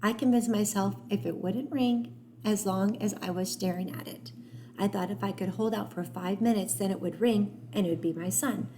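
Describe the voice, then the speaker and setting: Woman doing a gruff grieving old man. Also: mid-range voice, normal speed, background noise, close to an everyday voice. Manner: gruff, plain-spoken. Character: grieving older man, gruff but kind.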